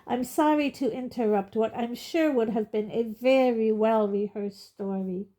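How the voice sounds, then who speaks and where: A woman's voice: a little high, a little slow, natural voice. A woman reading aloud, voicing a pompous, impatient man of power who speaks loftily and snaps. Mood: lofty. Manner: lofty, snappish, loud. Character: pompous plump male minister, impatient.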